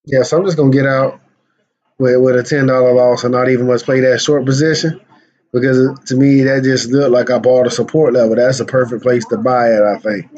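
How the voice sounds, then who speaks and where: A man's voice: medium pitch, flat delivery, fairly quick, a little mellow. Slangy man narrating his trades. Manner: slangy, repeats and restarts words. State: losing his voice. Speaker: day trader and channel host. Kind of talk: casual trading commentary. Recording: dull lo-fi recording.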